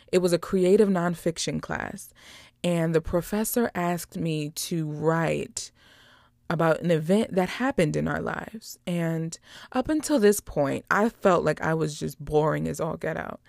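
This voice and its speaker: Young woman chatting thru a show recap, low gravelly voice, dry close sound. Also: no echo. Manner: chatty, animated, acts out quoted lines. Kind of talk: casual episode recap.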